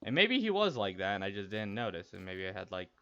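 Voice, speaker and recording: A man's voice: on the low side, very animated, fast. A young man streaming, telling a personal story casually, rambling and candid with many restarts. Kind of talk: casual storytelling while gaming. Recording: dull lo-fi stream audio, faint noise.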